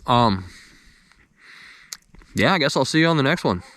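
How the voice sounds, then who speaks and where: A man's voice: on the high side, lively intonation, rapid-fire, a bit bright. A young man in casual talk to the camera outdoors by a campfire, easygoing and rambling, chewing as he talks. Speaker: outdoors vlogger.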